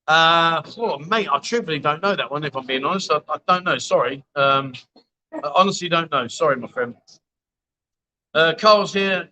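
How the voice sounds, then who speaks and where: A man's voice: on the high side, normal speed, bright, forceful tone, rough recording. A man hosting a casual livestream from a bar, reading out viewer comments in a chatty, matey way. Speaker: livestream host. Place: bar, indoors.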